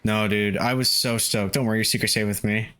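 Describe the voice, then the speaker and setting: A man's voice: fairly low pitch, steady tone, a little fast, crowd noise. A man casually commenting while streaming a video game, cursing and laughing often. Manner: loose, profane, laughs often.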